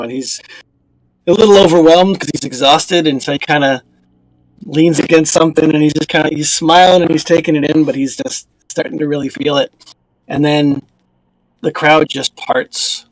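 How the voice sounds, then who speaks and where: A man's voice: medium pitch, no echo, low-quality recording. Man, game master, casual tabletop narration, loose delivery, dry sound. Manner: casual and loose, with many fillers and restarts.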